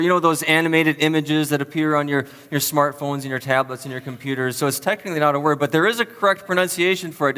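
Bright-voiced pastor in a reverberant hall. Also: male voice, a little high, smooth. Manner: chatty and self-deprecating, asks the audience questions. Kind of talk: sermon with a playful word quiz. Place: church hall with an audience. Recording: long reverb of a large hall.

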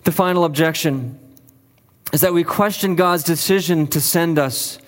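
A man preaching from the pulpit, his voice sitting a little higher than most men's. He presses his points through repetition and steady emphasis, and the words ring out with a long reverb behind them. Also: moderate pace. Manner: earnest, emphatic preaching with repeated phrases. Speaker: pastor. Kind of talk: sermon.

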